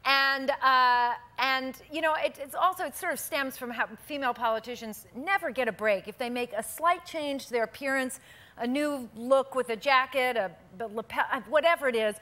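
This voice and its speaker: Bright, high-voiced woman telling a lively story. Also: normal speed. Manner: animated storyteller, laughs often. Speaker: talk show guest. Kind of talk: late-night interview chat. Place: television studio.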